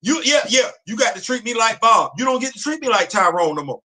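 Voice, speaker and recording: Fired-up man with a high bright voice. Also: expressive, quick pace. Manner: emphatic, repetitive, street slang and rhetorical questions. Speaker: host. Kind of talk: impassioned commentary. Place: home studio on a live stream.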